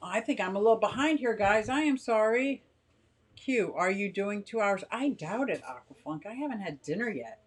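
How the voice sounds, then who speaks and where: An older woman is hosting a relaxed live stream from her garage at home. She talks in a chatty, rambling way and answers viewer comments one after another, her voice at an ordinary pitch for a woman. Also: moderate pace, breathy edge. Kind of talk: casual live-stream chat.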